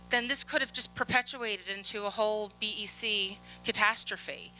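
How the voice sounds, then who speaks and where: Bright-voiced woman telling keynote stories. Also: on the high side, moderate pace, soft background music, rough recording. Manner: lively, acts out quoted dialogue, laughs often. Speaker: conference speaker on security. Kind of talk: keynote storytelling. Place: conference stage.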